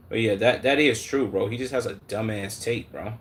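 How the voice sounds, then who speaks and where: Calling his audience "gang" and "bro," a live streamer from Chicago responds to chat bluntly, loaded with slang and curses. His voice runs low at a moderate pace with few pauses, though he keeps restarting and repeating words while thinking aloud over a faint background hum.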